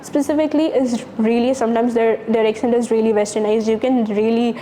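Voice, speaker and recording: A woman's voice: fairly high pitch, fairly even intonation, a little fast, dark tone, a little hiss or hum. A young woman from Pakistan, speaking earnestly and candidly as a university student in a documentary interview.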